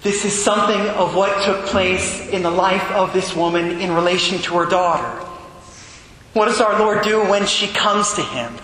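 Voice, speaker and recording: Bright-voiced priest in echoing church. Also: male voice, sits high, normal speed, a little hiss or hum. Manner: conversational, emphatic, keeps asking the listeners "right?". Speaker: Catholic priest. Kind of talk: Gospel reading and homily. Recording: echoey church hall with long reverb.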